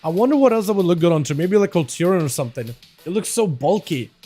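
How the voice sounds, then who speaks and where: A young man with a hoarse voice, whose first language is Russian, hosting a livestream and giving casual, excitable commentary on game duels while bantering with his chat. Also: sits high, fast, faint music behind. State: hoarse, voice rough tonight.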